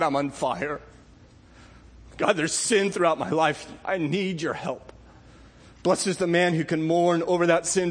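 A middle-aged man preaching a sermon as pastor, earnest, with his voice dropping low and slow and then rising high and impassioned. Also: in a large hall.

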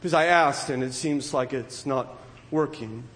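A man's voice: mid-range voice, measured pace, fairly bright tone, long reverb tail. A pastor delivering a sermon to his congregation and asking frequent rhetorical questions.

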